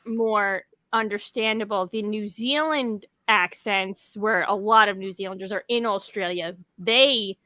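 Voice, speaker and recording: A young woman from New York co-hosting a livestream in casual chat, chatty and quick to laugh. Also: medium pitch, sharp tone, no room sound. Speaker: livestream co-host.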